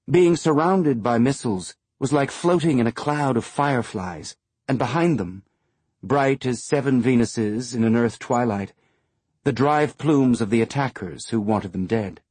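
A man narrating a science-fiction audiobook in a measured, even storytelling manner. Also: medium pitch, slightly rough, no room sound.

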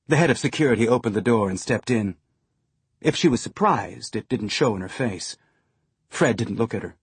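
A man narrating an audiobook in a measured storytelling manner. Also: mid-range voice, lively intonation, husky, dry recording. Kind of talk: scripted narration. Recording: dry studio sound.

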